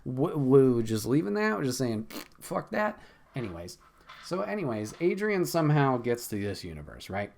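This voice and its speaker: Male podcast host; lively, swooping delivery; casual, profane, exasperated. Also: mid-range voice, normal speed, vocal fry, a little hiss or hum. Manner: laughs often.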